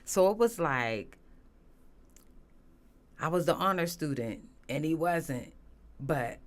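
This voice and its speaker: A woman's voice: low voice, lively intonation, takes it slowly. A woman, a guest candidly telling a personal story, often saying "you know". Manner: earnest, candid, many "you know" fillers.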